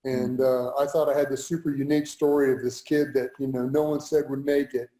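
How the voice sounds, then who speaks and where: Earnest former football player, echoey room. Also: male voice, mid-range voice, little pitch movement, brisk, mellow. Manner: earnest, repeats for emphasis. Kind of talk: motivational interview talk.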